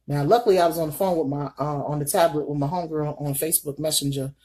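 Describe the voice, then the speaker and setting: A middle-aged woman vlogging her makeup routine while telling a story in an animated, folksy way. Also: low voice, fast. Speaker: beauty vlogger. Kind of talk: casual makeup vlog storytelling.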